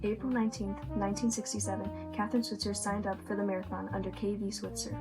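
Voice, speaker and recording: A young woman reading the narration of a student documentary in a steady, read-aloud way. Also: mid-range voice, fast talker, over loud music, rough recording. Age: young adult.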